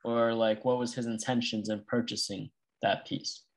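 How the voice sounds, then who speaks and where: A man's voice: medium pitch, level tone, normal speed. A male student asking questions in class, hesitant and full of fillers. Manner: hesitant, uses many fillers like "like".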